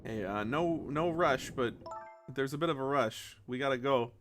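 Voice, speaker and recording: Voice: medium pitch, moderate pace, fairly bright tone. A streamer giving casual, playful commentary on a game, swearing freely and joking. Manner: playful, swearing, with lots of laughs. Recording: game music behind.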